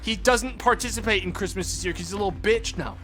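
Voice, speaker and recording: A man's voice: sits high, fast talker, pushed and bright, soft background music. A man streaming a narrative game, reading its narration aloud and ranting profanely at it between lines. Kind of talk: casual let's play commentary.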